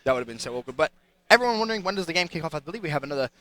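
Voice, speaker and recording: Fast, bright British esports caster. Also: male voice, fairly high pitch, expressive. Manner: enthusiastic, hype-building. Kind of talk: live esports commentary.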